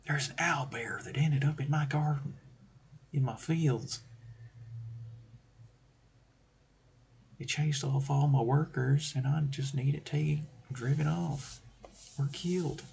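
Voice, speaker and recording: A man's voice: fairly high pitch, measured pace, gravelly, darkish tone, slightly rough, voice pushed up, exaggerated voice. A man voicing a worried farmer in a put-on rustic accent, pleading anxiously for help, while running a tabletop-game example. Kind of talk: game-master role-play voice.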